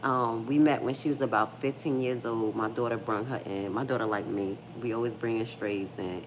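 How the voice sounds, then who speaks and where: A brisk, middle-aged American woman hosts a casual livestream, speaking bluntly and swearing freely. Her voice is low and she tells stories with animation, while faint noise hums in the background.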